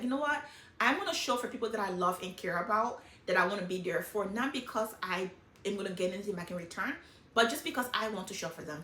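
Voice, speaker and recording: A middle-aged woman talking casually and emotionally about her life, in an animated, hyper way. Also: mid-range voice, reverberant. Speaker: vlogger sharing life lessons. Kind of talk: casual personal talk.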